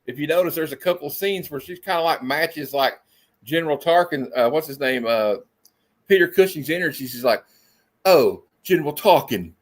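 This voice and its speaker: A man with a twang hosts a loose movie chat from a home stream setup. His voice sits a bit high for a man, and he talks with an animated, laughing energy. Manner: animated, quick to laugh, slips into silly impressions. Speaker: host of a movie discussion show.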